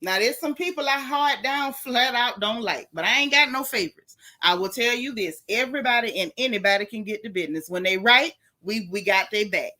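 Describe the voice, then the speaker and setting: A woman hosting a live stream, chatting casually and greeting viewers by name with lively, swooping pitch. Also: fairly quick, hardly any pauses.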